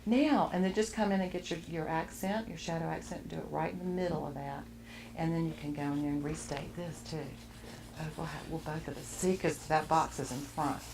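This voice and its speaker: A woman's voice: low voice, fairly even intonation, fairly quick, background noise. Encouraging woman teaching a drawing class. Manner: encouraging, laughs often. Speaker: art teacher. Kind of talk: live charcoal drawing class.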